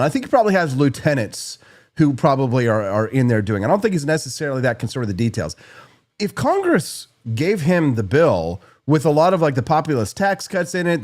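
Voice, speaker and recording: A man's voice: medium pitch, a little mellow. A man from Missouri hosting a live-streamed political talk show, opinionated and jokey.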